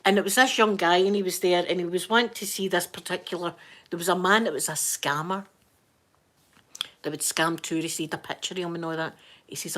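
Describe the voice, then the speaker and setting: A woman's voice: on the low side, a bit bright. A Scottish woman chatting casually on a live stream, rambling through stories and laughing often. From Scotland. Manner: chatty, rambling storyteller who laughs a lot.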